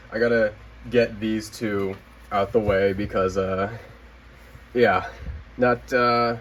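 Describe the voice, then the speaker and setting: A man's voice: lowish voice, a little hiss or hum, rough recording. Rambling, laughing young man collector. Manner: rambling and profane, filler-heavy with frequent laughter. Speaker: toy collector vlogger. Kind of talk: casual show-and-tell vlog. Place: at home by a camera stand.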